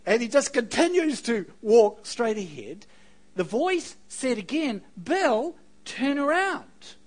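A man preaching a sermon, telling stories with animated delivery and joking asides to the congregation. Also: extremely high pitch, a little slow, rough recording. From New Zealand. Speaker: pastor.

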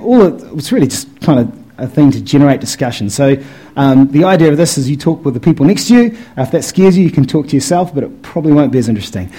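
A New Zealand man addresses a live audience in a loose, chatty way, peppering his talk with "eh" and "man". His voice sits a little on the high side, and he holds the handheld mic close to his mouth. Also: a little mellow, low-quality recording. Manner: chatty and laid-back, many fillers and "eh", "man". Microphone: handheld mic held close to the mouth.

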